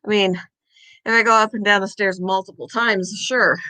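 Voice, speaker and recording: A woman's voice: medium pitch, fairly even intonation, moderate pace, bright, forceful tone. A woman hosting a casual livestream from home, rambling and chatting while she climbs stairs, out of breath and now and then coughing. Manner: chatty, rambling, talks to her dog. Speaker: livestream host.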